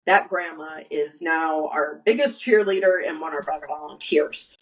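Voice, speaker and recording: A woman speaks as a guest in a conversational interview, her voice sitting a little low. She talks earnestly, stumbling and restarting often, and acts out what others said to her. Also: measured pace, poor audio. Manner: earnest storyteller, acts out quoted dialogue, many restarts. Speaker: guest, nursery founder.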